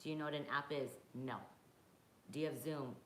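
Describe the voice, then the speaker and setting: Low-voiced woman chatting on a live stream. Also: steady tone, fairly quick, a bit bright, reverberant, slight background noise, low-quality recording. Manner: chatty, swears freely, reacts to viewer comments. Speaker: podcast host reading live chat. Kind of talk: casual live-stream chat. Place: home, drinking wine on a live stream.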